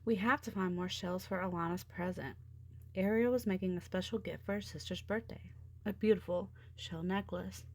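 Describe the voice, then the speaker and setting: A woman narrating a children's storybook with an expressive, steady delivery. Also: mid-range voice. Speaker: storybook reader. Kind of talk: storybook read-aloud.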